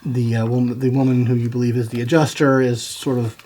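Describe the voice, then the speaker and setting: A man narrating as game master in a tabletop game, halting and full of fillers. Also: medium pitch, little pitch movement, dark tone. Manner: halting, lots of fillers and restarts.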